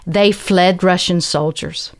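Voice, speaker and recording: Southern lady guest on a podcast, lowish voice, earnest and reflective, acts out the people she quotes. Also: steady tone, takes it slowly. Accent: Southern American. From American South. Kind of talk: conversational storytelling.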